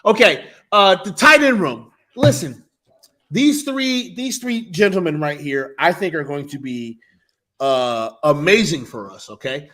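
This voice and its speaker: A man's voice: on the high side, animated, measured pace, fairly bright tone. A man co-hosting a casual sports talk show, joking, swearing and repeating himself as he talks. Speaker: podcast co-host.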